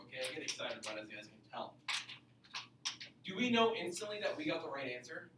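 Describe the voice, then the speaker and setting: Guy teaching math class, kinda high voice, lots of questions to the kids, echoey room, mic far off. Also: quick pace, noisy background. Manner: energetic, questioning the class, repeats points. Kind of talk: classroom lecture.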